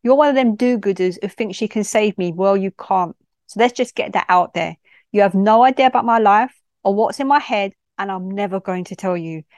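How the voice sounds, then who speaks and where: A woman's voice: medium pitch, a little fast, darkish tone, no room sound, studio quality, close to an everyday voice. A woman voicing a defiant teenage boy with a strong London street accent, cocky and dismissive.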